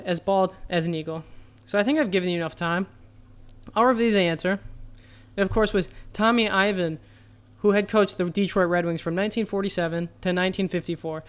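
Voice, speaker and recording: A man hosting a comedic trivia segment, delivering absurd jokes as if they were straight facts in a deadpan, mock-serious way. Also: high-pitched, clean tone. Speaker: trivia host.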